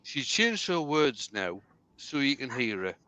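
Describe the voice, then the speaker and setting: Man, livestream co-host, teasing, very bright sharp voice, faint hiss behind. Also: mid-range voice, big pitch swings, unhurried, low-quality recording. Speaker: livestream co-host reading viewer chat. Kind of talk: casual livestream chat. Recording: faint background noise.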